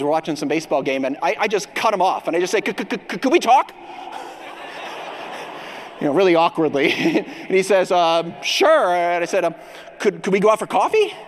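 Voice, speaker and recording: Man, high-pitched keynote speaker, storytelling turning rousing, faint hall noise behind. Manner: storytelling, rising to rousing exhortation. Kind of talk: conference keynote talk. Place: large dome arena before a crowd.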